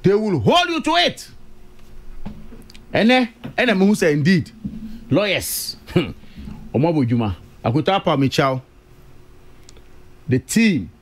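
A Ghanaian man on a radio discussion panel, talking emphatically and repeating key words for stress. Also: medium pitch.

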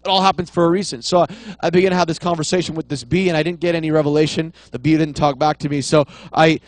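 A man's voice: on the high side, steady tone, quick pace, dry recording. A man in his thirties preaching a sermon, telling a long anecdote with many restarts and fillers. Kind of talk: sermon storytelling.

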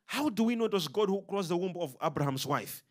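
A man preaching a sermon to a congregation, animated and full of call-and-response questions. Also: high-pitched, a little fast.

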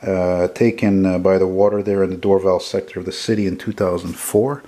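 With a deep, warm voice and a flat delivery, a Canadian man from Montreal in his 40s gives a casual walkthrough of the car photographs he's selling. He rambles with enthusiasm and corrects himself quickly as he goes.

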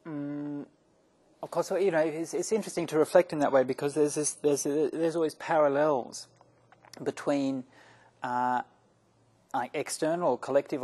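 A man, a Buddhist monk giving a relaxed, chatty dharma talk with jokes. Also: a little high, husky. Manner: relaxed, chatty, self-amused.

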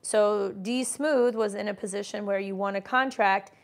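Speaking at a normal pace in a steady, mid-range voice, this forty-something woman runs a relaxed livestream as a business coach. She reads out chat comments, gives forceful motivational talk, and mocks doubters by imitating them.

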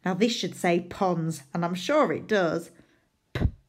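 A woman's voice: on the low side, takes it slowly, darkish tone. A woman teaching a phonics lesson to young children, sounding out letters and playfully pretending to make mistakes. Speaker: primary school teacher.

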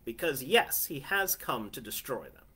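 A man's voice: mid-range voice, big pitch swings, normal speed, pushed and bright, husky. A man preaching a sermon from his family living room in a conversational way, often asking listeners "right?". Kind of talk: home sermon.

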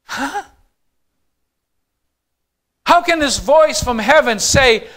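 A man preaching to his congregation as pastor, moving between loud declarations and quiet asides and putting questions straight to the listeners. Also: extremely high pitch, animated, slow, pauses often. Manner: addresses the congregation directly with questions. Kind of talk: sermon.

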